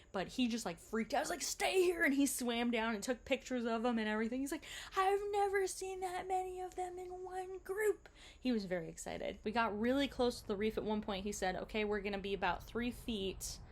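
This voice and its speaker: A woman tells a travel story in a chatty, relaxed way. She acts out what others said in animated quotes. Her voice sits at an ordinary pitch for a woman. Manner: chatty, animated retelling with quoted dialogue and laughs. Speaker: travel vlogger.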